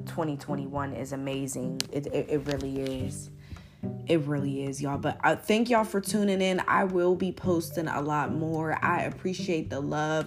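A low-voiced woman hosting her own podcast, talking straight to her listeners as "y'all" with an American accent that drifts between northern and southern. She rambles along in a chatty, playfully boastful way over guitar music. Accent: American, mixing northern and southern. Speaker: podcast host. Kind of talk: casual solo podcast monologue.

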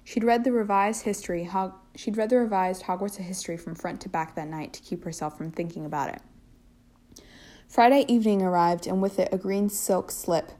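A woman reading a story aloud at a steady pace, with occasional slips and restarts. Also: mid-range voice, fairly quick. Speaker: fanfiction reader.

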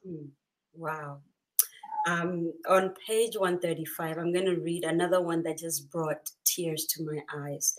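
A woman's voice: fairly low pitch, fairly even intonation, unhurried, poor audio. A woman hosting a book chat, reading passages aloud and reacting with laughter and emotion. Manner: emotional, laughs often, exclaims. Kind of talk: casual chat and read-aloud.

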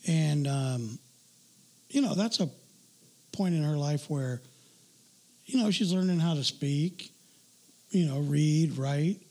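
A man in casual chat, telling a story in a crude, joking way with a husky voice. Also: fairly high pitch, takes it slowly, long pauses, warm tone.

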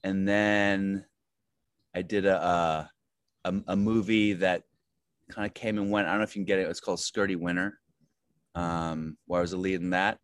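Man, actor guest, low voice, rambling anecdotes, lots of fillers, dry close sound. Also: fairly even intonation, normal speed, long pauses, clear, resonant tone, no room sound. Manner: rambling, self-deprecating storytelling with many fillers. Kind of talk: casual interview chat.

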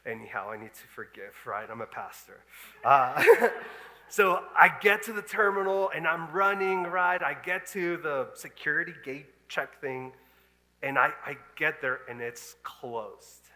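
A man in his thirties, a pastor, telling a story in an animated, laughing sermon style. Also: on the high side, unhurried. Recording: long hall reverb.

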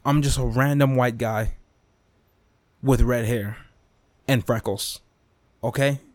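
A young man hosting a podcast, ranting casually with lots of swearing, repetition and quick asides. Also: medium pitch, dry recording. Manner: animated, profane, repetitive, swings into mock whispers and impressions. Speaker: podcast host. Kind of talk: casual rant monologue.

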